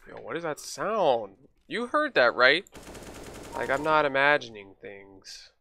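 A man's voice: mid-range voice, big pitch swings, unhurried, gravelly, background noise. A man hosting a gaming video, joking and trash-talking in casual commentary while he plays. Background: game gunfire and keyboard clicks.

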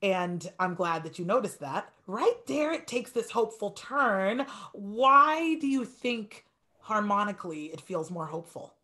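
A woman piano teacher giving an online masterclass, talking fast and encouraging her student. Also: mid-range voice, big pitch swings, pushed and bright.

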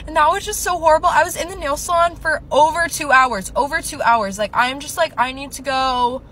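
A woman's voice: high voice, fairly quick, bright, forceful tone, slight background noise, rough recording. A woman telling a casual story in a rambling, filler-heavy, upset way from inside a car.

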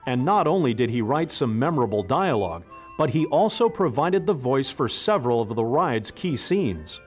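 A man giving scripted documentary narration in an even, informative way. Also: mid-range voice.

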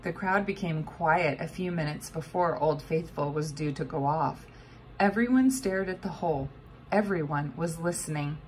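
A woman narrates a novel in an expressive storytelling manner. Her voice sits on the low side. A faint background hum is present. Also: moderate pace. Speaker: audiobook narrator. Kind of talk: scripted narration.

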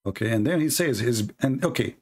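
A man hosting a religious debate, reading a text aloud and mocking it sarcastically with sudden high-pitched jabs. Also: expressive, brisk, breathy edge. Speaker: debate host.

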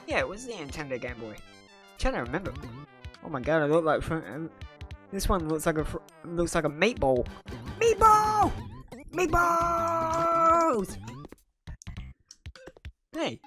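A woman hosting a gaming video, giving casual commentary while she plays, excitable and blurting out reactions. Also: on the low side. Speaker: gaming channel host.

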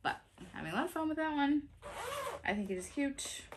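A woman's voice: sits high, lively intonation, a little fast, background noise. A woman in her thirties chatting casually as a cross-stitch vlogger, laughing often and restarting her sentences. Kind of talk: casual chat.

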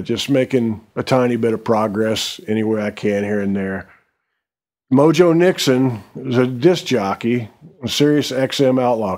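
Relaxed middle-aged man telling a story. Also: medium pitch. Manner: relaxed, unhurried, with frequent fillers. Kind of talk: casual spoken storytelling.

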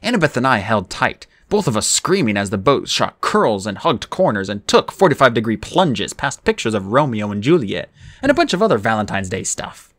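A man reading an adventure novel aloud in the first person, with an expressive, dramatic delivery. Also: fairly low pitch, moderate pace, no echo, clean studio sound. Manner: expressive, dramatic reading with raised character lines. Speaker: audiobook reader.

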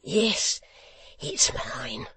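A man voicing a sullen, beaten young rioter who speaks in a sulky, gruff way. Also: on the high side, sing-song, slow pace, fairly bright tone, dry recording, full character voice. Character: sullen, wounded young rioter, whispering hoarsely.

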